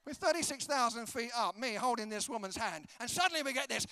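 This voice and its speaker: Lively, bright-voiced British preacher. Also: male voice, very high-pitched, fast talker, few pauses, no room sound. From Britain. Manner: comic, acts out dialogue with exaggerated voices. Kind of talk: humorous sermon storytelling. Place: conference hall.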